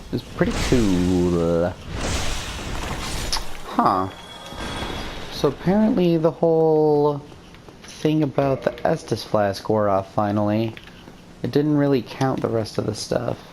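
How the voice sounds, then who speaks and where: A woman with a very deep voice giving rambling, self-deprecating let's-play commentary as she plays. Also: animated, measured pace, a little mellow, a little hiss or hum. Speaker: game streamer.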